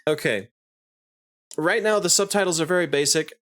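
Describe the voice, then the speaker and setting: A man's voice: fairly high pitch, moderate pace, fairly bright tone. A man who streams, casually walking through his video editing on screen while thinking aloud, restarting sentences and chuckling now and then. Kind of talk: casual screen-share tutorial.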